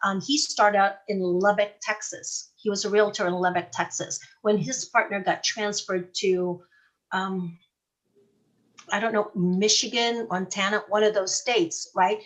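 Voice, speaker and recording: A woman's voice: medium pitch, fairly even intonation, unhurried. Chatty woman real estate trainer. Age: middle-aged. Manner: conversational, folksy, tells anecdotes. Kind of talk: live training class.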